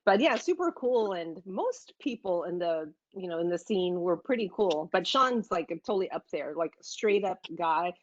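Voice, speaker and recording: A woman hosting a casual video-call chat, chatty and quick to laugh. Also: lowish voice, expressive, lo-fi sound. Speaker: host and music writer.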